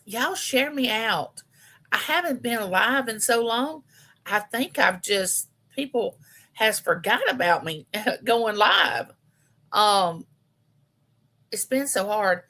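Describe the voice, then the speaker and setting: A woman's voice: medium pitch, bright, forceful tone. A woman, chatting homily and directly with viewers on a casual live stream. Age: 50s. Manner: chatty, homey, talks straight to her viewers.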